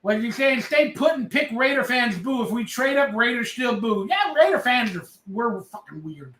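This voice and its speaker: A man hosting a casual livestream, loud and rambling, a little tipsy as he reads out chat messages. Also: very high voice, expressive, moderate pace, reverberant. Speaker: livestream host.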